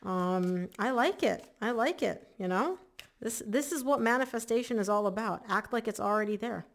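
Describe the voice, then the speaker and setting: A woman's voice: fairly high pitch, moderate pace. A woman giving a casual, chatty tarot reading to camera, emphatic and full of "like" fillers. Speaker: tarot reader.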